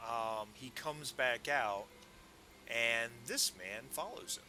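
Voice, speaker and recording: A man narrating as game master of a tabletop game, rambling with many pauses and restarts. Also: medium pitch, sharp tone, a little hiss or hum.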